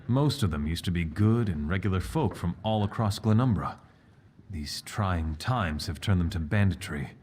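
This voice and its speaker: A man voicing a townsman in a fantasy video game, giving warnings about local dangers in a measured, grave way. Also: sits low, animated, darkish tone, a little hiss or hum.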